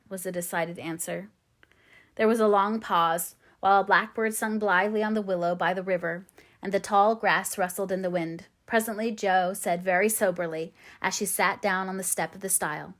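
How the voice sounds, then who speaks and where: A woman's voice: medium pitch, normal speed, a bit bright. Woman narrating a classic novel. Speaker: audiobook narrator. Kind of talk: unabridged audiobook narration.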